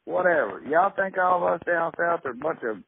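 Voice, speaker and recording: A man's voice: on the high side, animated, brisk, gravelly. Man putting on a blustering Mississippi caller. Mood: indignant. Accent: Southern US, Mississippi. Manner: blustering, cussing, rambling. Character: irate middle-aged Mississippi man, stubborn and rambling. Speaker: prank caller. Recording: tinny phone line with faint hiss.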